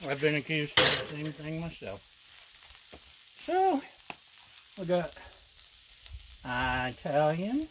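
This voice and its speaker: A man's voice: a little high, lively intonation, slow, long pauses, background noise. A man hosting a casual cooking vlog outdoors at a griddle, chatty and jokey, teasing the viewer with repeated little asides. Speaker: cooking channel host. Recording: loud griddle sizzle behind voice.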